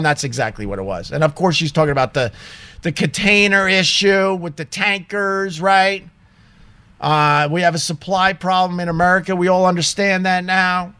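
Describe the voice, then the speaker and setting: A man's voice: high voice, moderate pace, bright, forceful tone, no room sound. A man in a small home studio telling a story in an indignant, emphatic casual rant, swearing freely. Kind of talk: casual ranting monologue.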